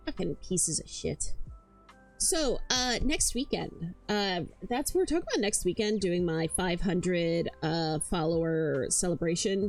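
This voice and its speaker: A woman's voice: on the low side, lively intonation, a little slow, darkish tone, faint music behind. A woman streaming, chatting casually and rambling, swearing often and tripping over her words, hyper but tired. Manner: rambling, swears a lot, stammers and repeats herself.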